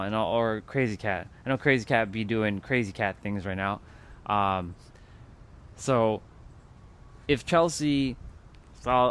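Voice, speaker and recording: Speaking at a medium pitch with a clean tone, this livestream host chats with his audience in a rambling, easygoing style. His talk is full of fillers and offhand curse words.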